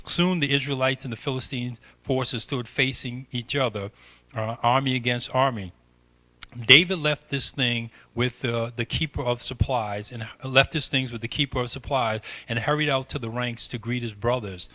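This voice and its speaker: American male pastor, bright tone, reads scripture with restarts and asides. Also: mid-range voice. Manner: reads with restarts, breaks into playful voices and laughs. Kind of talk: sermon, reading scripture aloud with commentary.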